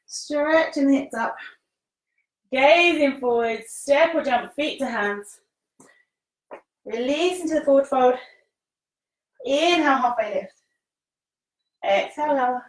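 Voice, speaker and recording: Breathy, high-voiced yoga teacher. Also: female voice, expressive, unhurried, pauses often. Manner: encouraging, laughs often, casual British phrasing. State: somewhat out of breath while exercising. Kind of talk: live-streamed yoga class instruction. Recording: echoey room, voice from the mic's distance.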